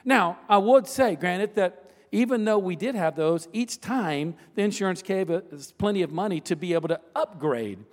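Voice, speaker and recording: A man's voice: high voice, normal speed. A man preaching a sermon as a pastor, telling a personal story in a conversational way with asides and repeated phrases. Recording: long reverb of a large hall.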